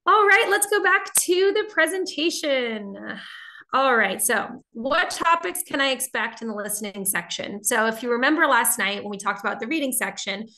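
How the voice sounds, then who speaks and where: A TOEFL teacher from Boston in the United States, speaking with a neutral General American accent, runs a live online lesson and answers viewer questions as she goes. Her chatty delivery comes in a high voice that sounds pushed and bright.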